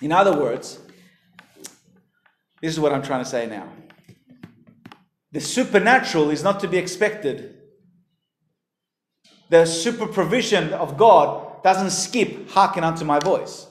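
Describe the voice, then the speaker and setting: A man preaching a sermon as pastor, emphatic, his voice rising and falling in pitch and volume. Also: expressive, unhurried, long pauses. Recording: echoey hall.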